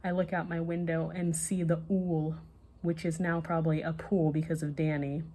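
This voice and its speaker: A woman reading a children's bedtime story aloud in an expressive, lively way. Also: deep voice, moderate pace.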